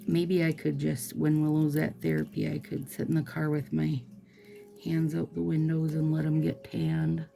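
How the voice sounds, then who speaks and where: A woman chatting casually as she does her nails, gushing and trailing into soft murmurs, with faint music behind. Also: low voice, normal speed, gravelly. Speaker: nail product vlogger. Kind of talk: casual chat while doing nails.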